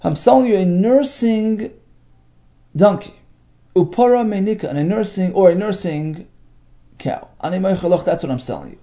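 Man teaching talmud, raspy fry, dark mellow tone, dull lo-fi recording. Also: high-pitched. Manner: reads Aramaic phrases then explains them in English; halting, with many fillers. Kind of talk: text study lesson.

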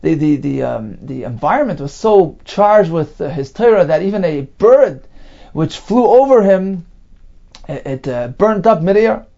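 A man teaches a Talmud lesson, reading out short phrases and then translating them piece by piece. He pauses often with ums and restarts mid-sentence, in a mellow, darker voice. The audio is dull and lo-fi. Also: on the high side, expressive, gravelly.

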